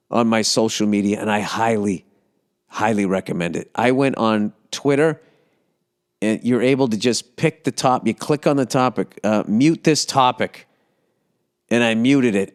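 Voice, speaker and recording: A man's voice: mid-range voice, a little slow, clean tone. Male comic, 50s, Boston accent, loose profane podcast rant. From United States. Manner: profane, animated, acts out yells and impressions. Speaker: comedian podcast host. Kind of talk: casual rambling monologue.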